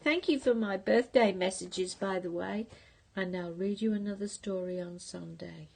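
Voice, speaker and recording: A woman's voice: mid-range voice, normal speed, creaky, darkish tone. An older woman reading a picture book aloud to her grandchildren, playful, with whispered asides.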